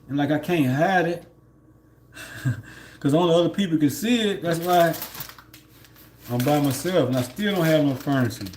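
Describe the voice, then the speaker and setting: A man's voice: on the high side, a little mellow, slight background noise. A man, livestreaming from home, rambling in a laid-back way with lots of fillers and laughs. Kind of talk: casual spiritual monologue.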